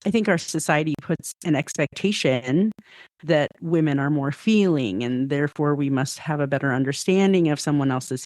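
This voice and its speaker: A woman's voice: a bass voice, darkish tone, no echo. A middle-aged woman who is a podcast guest, telling stories and reflecting in casual conversation, often hedging her points. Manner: reflective, storytelling, frequent hedging.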